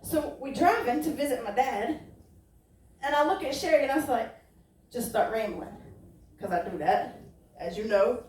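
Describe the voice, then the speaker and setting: A woman's voice: a little high, animated, moderate pace, pauses often, darkish tone. A woman pastor preaching a folksy, joking sermon full of rhetorical questions. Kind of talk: conversational sermon. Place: church sanctuary. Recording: echoey church hall, distant mic.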